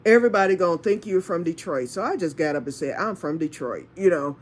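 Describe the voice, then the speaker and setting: A woman's voice: fairly low pitch, quick pace, slight background noise. A woman from Michigan telling a rambling personal story in a casual, chatty way, laughing and acting out what people said. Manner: chatty, rambling, laughs often, acts out dialogue. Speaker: storytelling vlogger.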